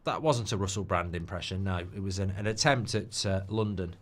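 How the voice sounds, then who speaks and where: A man hosting a live football watchalong, chatty and animated, with quick asides about the scores. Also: low-pitched. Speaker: host.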